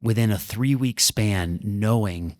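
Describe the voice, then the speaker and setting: Earnest low-voiced man telling his story. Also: darkish tone, no room sound, clean studio sound. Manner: earnest, reflective, talks in quick bursts. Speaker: former pro tennis player, guest. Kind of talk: candid storytelling in an interview.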